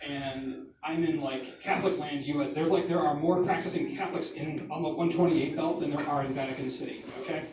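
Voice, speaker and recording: A man's voice: on the high side, steady tone, brisk, few pauses, a little mellow. Man in 40s doing rambling stand-up. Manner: rambling, conversational, self-mocking. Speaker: comedian. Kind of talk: stand-up comedy. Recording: echoey distant mic, background noise.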